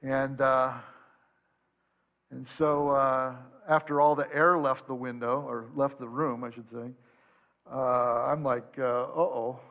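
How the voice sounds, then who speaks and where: Lo-fi pastor preaching a sermon. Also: male voice, medium pitch, little pitch movement. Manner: measured scripture reading, then conversational storytelling. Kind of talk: sermon with scripture reading.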